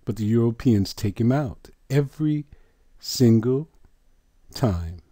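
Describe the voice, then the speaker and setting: A male preacher giving a Bible teaching in a deliberate, emphatic sermon style, stretching out key words. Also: mid-range voice, animated, mellow, no room sound, studio quality.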